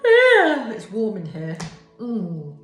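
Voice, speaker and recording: A woman's voice: deep voice, moderate pace, a bit bright. A drowsy woman giving a casual tarot reading to camera, yawning and swearing freely. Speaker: tarot reader. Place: bright room at home, indoors. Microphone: camera on a desk with ring light. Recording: echoey room with faint music.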